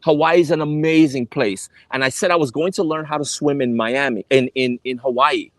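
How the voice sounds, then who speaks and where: A man's voice: medium pitch, brisk, dry recording. A young man earnestly telling a personal story to camera, emphatic and repeating himself for weight. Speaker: travel vlogger.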